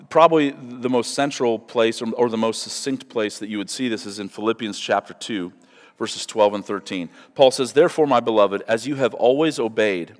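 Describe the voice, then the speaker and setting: A man's voice: lowish voice, big-room sound. A man preaching a sermon as pastor, earnest and emphatic, often checking in with the room. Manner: earnest, emphatic on scripture, asks the room "okay?".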